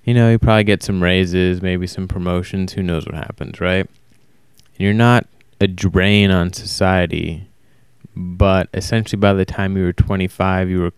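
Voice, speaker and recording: A man talking alone in a casual, rambling monologue, flat and self-described as monotone, often stopping to correct himself. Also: low-pitched, moderate pace, clean tone, dry recording, studio quality. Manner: casual, swears. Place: warm indoor room.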